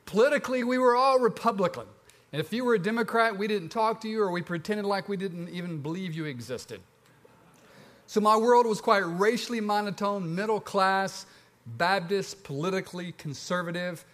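Storytelling Southern pastor. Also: male voice, moderate pace. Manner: storytelling, lively pitch swings, conversational. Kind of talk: sermon.

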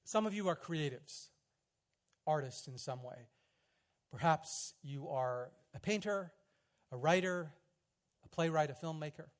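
A man preaching a sermon, telling a story dramatically, swelling loud and then dropping quiet. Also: a little high, animated, a little slow, pauses often. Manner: dramatic storytelling, rising loud in quoted prayers and dropping soft. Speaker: pastor.

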